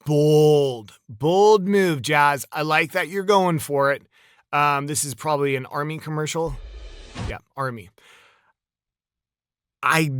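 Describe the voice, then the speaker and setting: A man coaching voice actors, giving a casual, chatty critique of a demo with quick bursts of praise. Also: fairly high pitch, a bit bright, clean tone, dry recording, studio quality.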